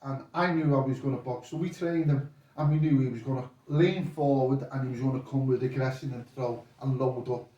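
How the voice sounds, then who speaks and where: Older boxing coach telling stories. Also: male voice, medium pitch, fairly quick, few pauses, far from the mic, lo-fi sound. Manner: rambling, animated retelling with quoted voices. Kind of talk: casual storytelling chat. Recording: echoey room, voice off-mic.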